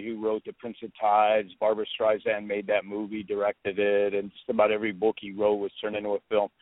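A middle-aged man, an author being interviewed, telling stories in an animated, opinionated way. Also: on the low side, no echo. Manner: expansive storyteller, animated, opinionated. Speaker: author, guest. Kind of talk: radio interview talk. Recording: tinny phone-like radio sound.

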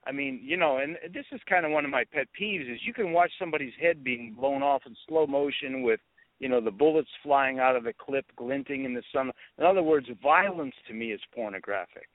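A middle-aged man, an author being interviewed, telling stories in an animated, opinionated way. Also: mid-range voice, brisk, no room sound. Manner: expansive storyteller, animated, opinionated. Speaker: author, guest. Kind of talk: radio interview talk. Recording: tinny phone-like radio sound.

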